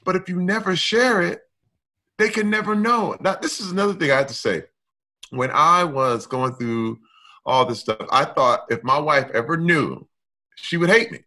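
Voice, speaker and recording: A middle-aged man speaking candidly and with emphasis, his voice bright and forceful. He sits a little high in pitch and swings from loud bursts to quiet stretches. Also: moderate pace. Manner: emphatic, expressive, swings between loud and soft. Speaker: guest. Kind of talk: candid conversation.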